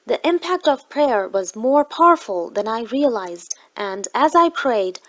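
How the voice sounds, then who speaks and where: A woman reading a book aloud in the first person, with a slow, even delivery. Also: fairly high pitch, dull audio. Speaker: audiobook reader.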